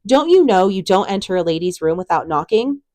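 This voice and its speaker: Woman reading a bossy big sister, loud and know-it-all, a dry close voice. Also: medium pitch, lively intonation, brisk, no echo, close to an everyday voice. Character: bossy twelve-year-old girl, sure she is in charge.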